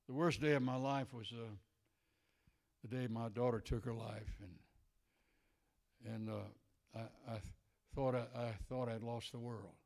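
An older male preacher delivering a sermon, swinging between shouted declarations and hushed, tender passages. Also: mid-range voice, fairly even intonation, measured pace, vocal fry.

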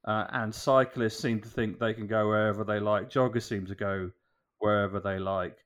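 A man in casual podcast chat, relaxed and rambling with fillers. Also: lowish voice, moderate pace.

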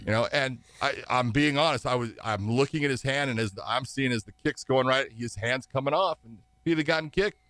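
A little fast and with few pauses, a fight referee rambles through long anecdotes as an interview guest, laughing often and voicing the people he quotes. His mid-range voice is fairly bright, and the recording is dry.

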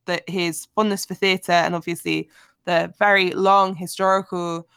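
A woman hosting a casual book discussion, talking in an animated, chatty way with frequent filler words. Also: on the low side, a little slow, vocal fry, clean tone, no room sound, studio quality. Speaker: podcast host.

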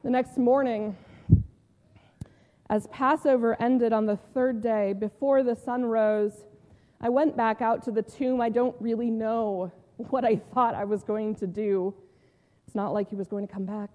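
A pastor doing an earnest woman disciple, recounting her loss slowly and intimately in a high, mellow voice. The telling is unhurried, full of pauses that let each line settle. Her voice rings out with a long church reverb behind it. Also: steady tone, close to an everyday voice. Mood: grieving. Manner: heartfelt storytelling with long pauses and soft drops. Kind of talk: first-person dramatic retelling in a sermon.

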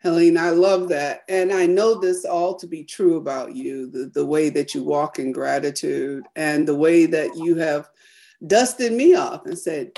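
Low-voiced affirming woman interviewer. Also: steady tone, moderate pace, gravelly, mellow. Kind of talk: conversational interview.

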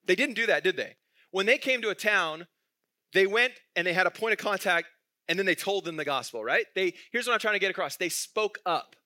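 A man's voice: sits high, animated, fairly quick, sharp tone, no echo, clean studio sound. A male pastor preaching a sermon in a conversational way, asking the congregation questions and chuckling through his stories.

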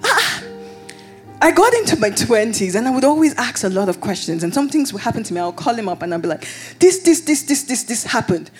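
A woman preaches in a lively, animated way, her pitch swinging widely as she tells a personal story. Her voice sits fairly high and has a husky edge. Faint music plays softly behind her. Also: fast. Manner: animated storytelling, rising to excited shouts. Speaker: pastor. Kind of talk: sermon.

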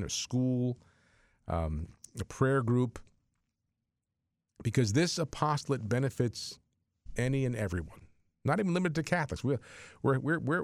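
A man hosting a Catholic radio show, making an earnest, excitable on-air fundraising appeal with frequent restarts. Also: lowish voice, vocal fry, no echo.

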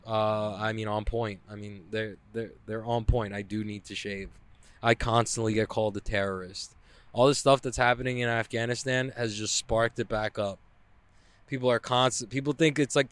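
A young man in a casual, rambling vlog rant. He swears freely and scatters fillers throughout. His voice sits at an ordinary pitch with a smooth, clean tone, recorded close and dry. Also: fairly bright tone, dry recording. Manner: profane, loose, lots of "like" fillers. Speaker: vlogger.

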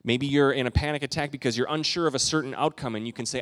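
A man preaching a sermon as pastor, earnest, swelling to loud emphatic peaks and then dropping soft. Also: medium pitch, fairly even intonation, fast, hardly any pauses. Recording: long hall reverb.

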